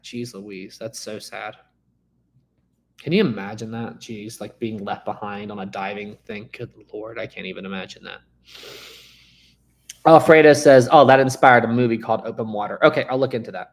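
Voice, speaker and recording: A man chatting casually with viewers as host of a live stream, rambling and laughing easily. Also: fairly low pitch.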